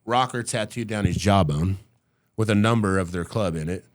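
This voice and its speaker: Low-voiced middle-aged man telling a story. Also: normal speed. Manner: vivid storyteller who acts out the people he quotes; casual and profane. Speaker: podcast guest. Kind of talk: casual storytelling in an interview.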